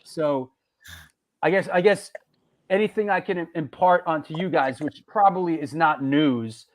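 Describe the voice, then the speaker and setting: A man's voice: on the high side, normal speed. A middle-aged man hosting a casual chat, rambling and restarting his sentences. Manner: rambling, repeats words and restarts often. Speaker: host.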